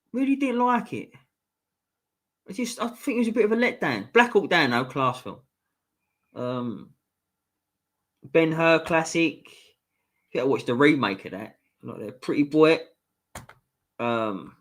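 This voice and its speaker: A man hosts a live stream and reads viewer comments aloud. His voice sits a little high and sounds bright and forceful. He banters bluntly with the chat and swears freely.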